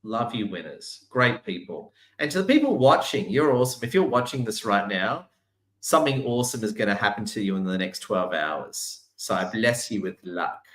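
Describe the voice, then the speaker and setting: A man's voice: lowish voice, expressive, moderate pace, fairly bright tone, roomy sound. A man guesting on a podcast, upbeat and playful in casual chat, cheering on the audience.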